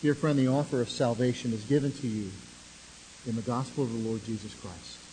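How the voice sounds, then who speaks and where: A man preaching a sermon, telling a story with dramatic rises and sudden drops to a hush. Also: mid-range voice, fairly even intonation, a little fast, long reverb tail, a little hiss or hum, poor audio. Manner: dramatic storytelling, swelling then dropping to near hush. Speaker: pastor.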